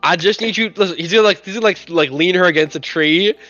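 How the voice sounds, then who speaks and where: A man playing a tabletop role-playing game, talking in a flustered, animated way. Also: high-pitched, fast, muffled recording, faint music behind. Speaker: player.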